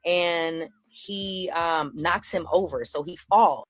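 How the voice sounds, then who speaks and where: A woman comedian telling the story of an incident in a played clip, animated and acting out what others said. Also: lowish voice, slow, no room sound, faint music behind. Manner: animated storytelling, acts out the other people's lines.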